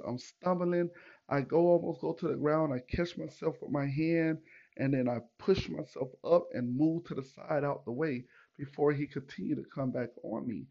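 A man hosting a podcast, telling a story in a casual, animated and profane way, acting out what people said. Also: on the high side, creaky, muffled recording. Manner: animated, profane, retells with acted quotes. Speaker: podcast host.

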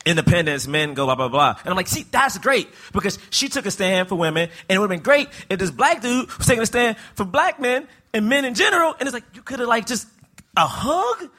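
A man's voice: very high voice, expressive, fairly quick, pushed and bright. A man co-hosting a live movie review podcast, playful and mock-defensive as he argues his point. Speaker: podcast co-host. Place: live show venue with audience.

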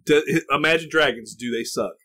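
A man's voice: medium pitch, normal speed, bright, forceful tone. A man co-hosting a podcast in casual chat, ranting and laughing often. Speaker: podcast co-host.

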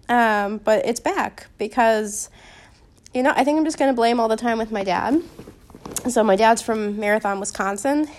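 A young woman hosting a casual Christian podcast, with a slight Upper Midwestern accent, chatty and rambling with many ums and restarts. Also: a little high. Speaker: podcast host.

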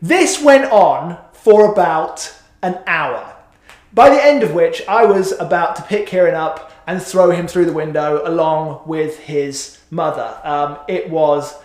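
Middle-aged preacher in an echoey hall. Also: male voice, fairly high pitch, a little slow, darkish tone. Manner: conversational and self-mocking, with many fillers. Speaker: pastor. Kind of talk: sermon.

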